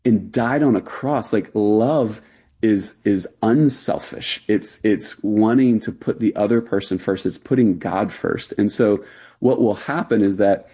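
Earnest pastor with a dark, husky voice. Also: male voice, on the low side, unhurried. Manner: earnest, lively explaining with fillers. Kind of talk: radio interview guest.

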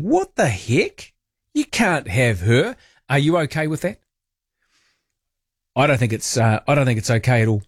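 A man's voice: mid-range voice, no echo, clean studio sound. A man with a New Zealand accent hosting overnight talk radio, chatty and wry, asking listeners questions. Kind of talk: casual radio chat. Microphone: studio microphone.

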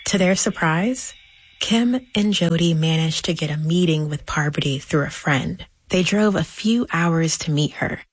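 Low-voiced woman narrator. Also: measured pace, breathy edge, no room sound, rough recording. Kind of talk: scripted narration.

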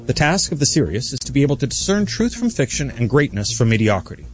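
A man reading a scripted radio commentary in a measured, lecturing manner. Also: medium pitch, big pitch swings, faint music behind. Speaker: political commentator.

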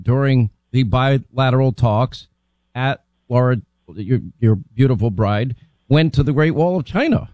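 A middle-aged man hosting a political interview, talking emphatically with frequent restarts and a confiding tone. His voice is mellow and relaxed in tone. The sound is dry and close, with no room behind it. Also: medium pitch, a little slow, no room sound. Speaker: talk show host.

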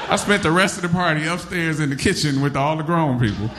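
A middle-aged man from Detroit telling a funny story on stage, animated and laughing as he acts out voices. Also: on the high side, fairly quick, very noisy. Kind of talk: live stand-up storytelling.

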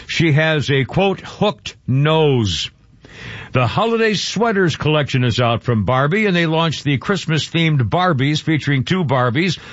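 A man hosting a radio talk show, his voice a bit high and dry, with no room around it. He reads a story and throws in sarcastic, indignant remarks. The broadcast sound is a little dull and lo-fi. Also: fairly bright tone, no room sound.

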